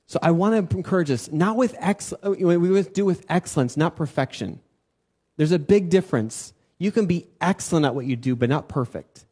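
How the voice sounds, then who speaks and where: Higher-voiced man giving a conversational sermon. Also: a little mellow. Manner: conversational, repeats words for emphasis, quizzes listeners. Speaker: church teacher. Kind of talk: informal sermon with audience questions.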